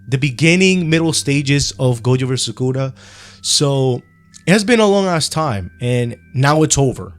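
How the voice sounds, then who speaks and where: Rambling young man with a Spanish accent. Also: mid-range voice. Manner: rambling, relaxed, slangy, with frequent ums and self-corrections. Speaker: anime commentary youtuber. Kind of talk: casual opinion monologue.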